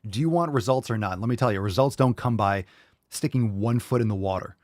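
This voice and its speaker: Guy ranting on his podcast, swearing a lot, blunt, middle pitch, dead dry sound. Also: brisk, a little mellow, no echo. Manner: mocking impressions of listeners. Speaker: podcast host. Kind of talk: live podcast rant.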